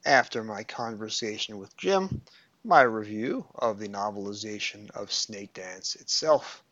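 Bright-voiced New York podcast host. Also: male voice, lowish voice, lively intonation, a little slow, dry recording, highs cut off. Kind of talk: podcast chat.

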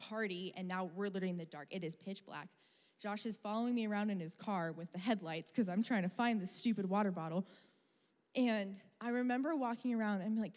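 A young woman preaching in a church. Her voice is mid-pitched and carries a long reverb through a big hall. She talks casually, with fillers, and keeps the story lively as she tells it. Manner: conversational, animated storytelling with fillers. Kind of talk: sermon with personal story.

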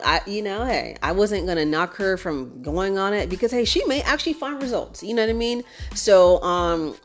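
Chatty woman host with lively asides. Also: medium pitch. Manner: chatty and animated, switching into voices for friends. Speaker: podcast host. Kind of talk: casual chat.

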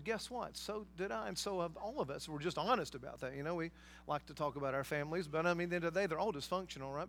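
Man, pastor, sermon, emphatic, high-pitched. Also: fairly bright tone. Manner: emphatic preaching with asides and rhetorical questions.

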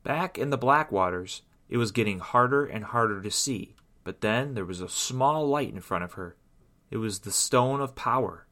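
A man reading a children's story aloud in an expressive, sing-song storytelling way. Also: medium pitch, moderate pace.

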